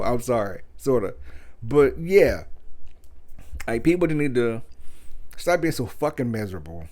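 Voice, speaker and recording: A man's voice: mid-range voice, big pitch swings, a little slow, pauses often, darkish tone. A man hosting his own show, giving a blunt, crude and sarcastic comedic rant. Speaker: podcast host.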